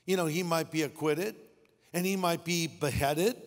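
Animated preaching man in echoing hall. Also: a little high, normal speed. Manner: animated, jokey, acts out characters. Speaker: pastor. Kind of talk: sermon. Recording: long hall reverb.

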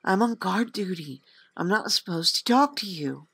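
A woman doing a hushed, flustered young guard. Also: lively intonation, slow pace, dry recording, exaggerated voice. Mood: anxious mutter. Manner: low hushed muttering.

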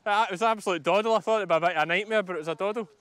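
A man's voice: high-pitched, very fast, fairly bright tone, smooth, no room sound. A Scottish man, a sheep farmer, chatting casually and explaining as he works outdoors on his farm. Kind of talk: casual vlog narration while working.

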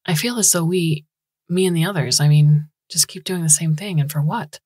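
A woman's voice: deep voice, normal speed, darkish tone, breathy edge, dry recording, clean studio sound. Woman reading as a restless, searching man. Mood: wistful. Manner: earnest, wistful questioning.

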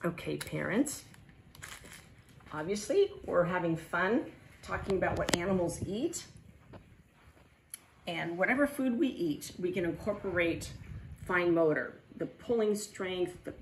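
A middle-aged woman leads a sing-song lesson for toddlers, speaking slowly and deliberately. Her delivery is animated, with exaggerated gasps of delight. A faint hiss of noise sits behind her voice. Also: fairly low pitch. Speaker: children's teacher.

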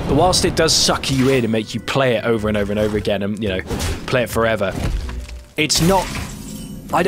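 A man in his twenties hosting a let's play, giving casual, rambling and self-deprecating commentary while he plays a card game. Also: mid-range voice.

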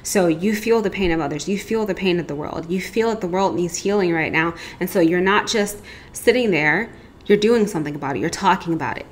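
A woman's voice: on the low side, brisk, a little hiss or hum. A woman giving a casual, chatty tarot reading, rambling with lots of asides. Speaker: tarot reader.

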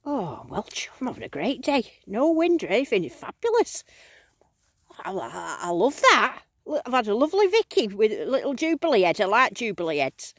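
A woman vlogging outdoors in a field, giving bubbly, excited running commentary as she digs and talking to her finds. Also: on the high side, moderate pace, dry recording, studio quality. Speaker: metal detecting vlogger.

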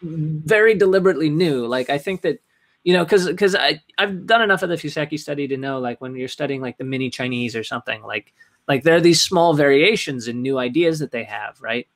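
A man's voice: a little high, a little fast. A young man as a podcast guest in casual chat, rambling with many "like"s and "right?"s.

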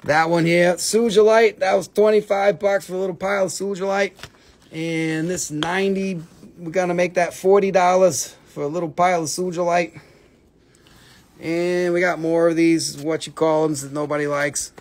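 High-voiced guy doing a live rock sale, excitable, joking around, quick price rundown. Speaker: host selling minerals on a live stream. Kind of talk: live sales stream.

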